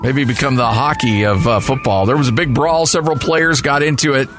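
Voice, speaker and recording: A man's voice: mid-range voice, a little fast, over music. A man co-hosting a sports show, reacting briefly and then setting up news segments. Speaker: co-host. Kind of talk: casual sports chat.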